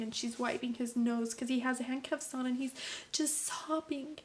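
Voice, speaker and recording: A woman's voice: high-pitched, steady tone, normal speed, slight background noise. Earnest mother vlogging, dropping to whispers. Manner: earnest, preachy, drops to whispers for emphasis. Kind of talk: emotional personal vlog monologue.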